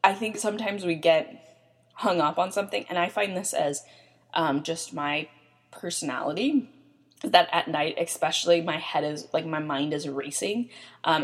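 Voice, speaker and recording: A young woman hosts a casual self-help podcast. Her voice sits a little low, and she talks in a loose, chatty way. She leans on fillers and keeps checking in with "right?". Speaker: podcast host.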